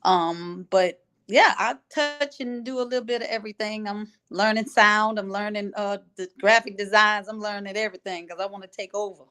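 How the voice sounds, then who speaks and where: A woman's voice: mid-range voice, fairly even intonation, normal speed, fairly bright tone, clean tone. A woman from Louisiana with a Louisiana accent, an easygoing filmmaker guest chatting on a video call. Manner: easygoing, laughs often. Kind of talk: casual interview chat. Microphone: video call from a hotel.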